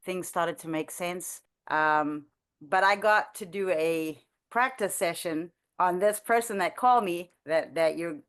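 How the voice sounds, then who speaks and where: Earnest woman telling a testimony. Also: lowish voice. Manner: halting, with many restarts and fillers. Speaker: ministry trainee sharing a testimony. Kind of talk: conversational testimony.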